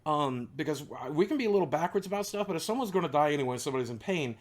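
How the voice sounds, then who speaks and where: A man's voice: on the high side, animated, very fast. Man, earnest storytelling vlog. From United States. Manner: earnest, confessional, with wry asides. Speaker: YouTuber telling a personal story.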